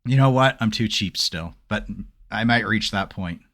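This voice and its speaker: A man hosting a podcast in casual chat, an animated storyteller who acts out quotes. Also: on the low side, normal speed. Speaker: podcast host.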